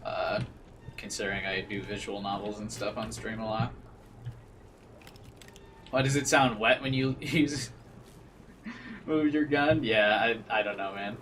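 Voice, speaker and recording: A man's voice: fairly low pitch, measured pace, pauses often, fairly bright tone, far from the mic. Man, streamer, gaming commentary, rambling and joking, faint noise.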